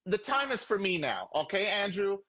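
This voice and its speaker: A man's voice: high-pitched, sing-song, normal speed, bright, forceful tone, a little hiss or hum. A man who works as a textile designer, chatting casually and joking playfully about himself. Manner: playful, jokey self-promotion. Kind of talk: casual group chat.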